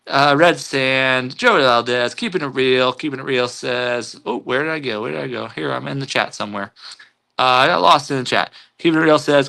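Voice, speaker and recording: Bright, chatty man hosting a live stream. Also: fairly high pitch, normal speed, gravelly. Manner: upbeat, chatty, stumbles and repeats words. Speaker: live stream host reading chat. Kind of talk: casual live-stream chat.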